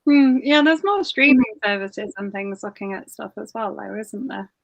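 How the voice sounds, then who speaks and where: A woman's voice: mid-range voice, lively intonation, normal speed, vocal fry, no room sound, muffled recording. A woman hosting a book club chat, asking friendly, tentative questions of an author. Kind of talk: casual interview chat. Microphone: video call.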